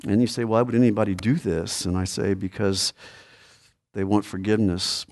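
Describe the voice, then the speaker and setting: A man's voice: lowish voice, fairly even intonation, normal speed, a little mellow. A man preaching a sermon as a pastor, earnest and repetitive, rising to sudden emphatic peaks. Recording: long hall reverb.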